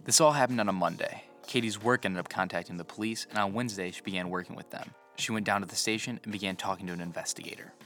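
A man's voice: fairly low pitch, fast talker, few pauses, a bit bright, soft background music. A man narrating a podcast story in an earnest, reflective tone. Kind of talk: scripted narration.

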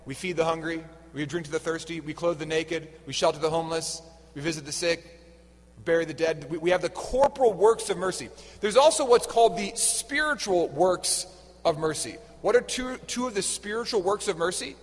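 Lively preacher in an echoey church. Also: male voice, a little high, a little fast. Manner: conversational, quizzes the congregation. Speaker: homilist. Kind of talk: sermon.

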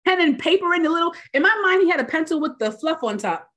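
Woman, from New York, high voice, profane, animated, podcast co-host. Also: a little fast. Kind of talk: casual chat.

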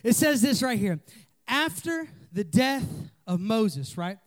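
A man's voice: high-pitched, very animated, slow. A man preaching a passionate youth sermon, leading call-and-response from the room. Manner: passionate, rising to near-shouts with call-and-response. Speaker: youth pastor. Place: meeting room in a trailer.

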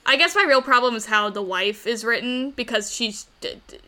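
Podcast co-host, female, bright tone, fairly high voice, casual film chat. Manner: quick, chatty, thinks aloud with fillers.

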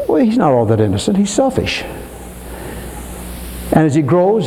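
An older man preaching a dramatic sermon in a church, swinging between soaring emphasis and low asides. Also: wildly swooping pitch, moderate pace, long pauses, dark tone, slight background noise. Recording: long hall reverb.

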